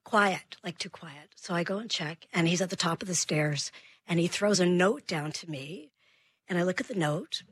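A woman, a child behavior expert, telling a radio host an animated story about her son and acting out both their lines. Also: lowish voice, moderate pace, slightly rough, no room sound. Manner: animated, acts out her own and her son's lines.

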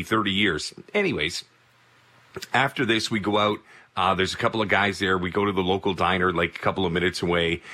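Guy in his 30s, baseball broadcaster telling a story, kinda low voice but bright and forceful. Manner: animated, energetic anecdote telling. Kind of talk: casual storytelling.

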